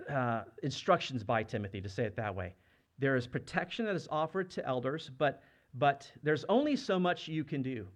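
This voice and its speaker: Earnest male pastor preaching. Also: fairly high pitch. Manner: earnest, conversational, asks the congregation questions. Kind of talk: sermon.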